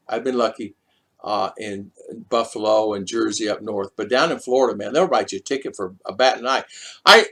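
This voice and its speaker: A middle-aged man hosting a casual livestream, reading out viewer comments and telling rambling stories, with a chatty manner and lots of restarts. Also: medium pitch. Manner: rambling and repetitive, with many restarts; chatty, lively storyteller.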